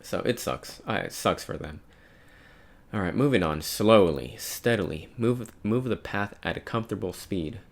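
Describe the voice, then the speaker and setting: Man, deep voice, gravelly fry, casual read-along commentary, relaxed musing. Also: moderate pace. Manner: relaxed, musing, reads quotes aloud with light voices. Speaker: manga reader and commentator.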